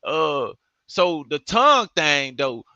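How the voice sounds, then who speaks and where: A man's voice: fairly high pitch, big pitch swings, slow, sharp tone, dry recording. A man hosting a casual interview, laid-back and agreeable with lots of slang. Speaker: interview host. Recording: dull lo-fi audio.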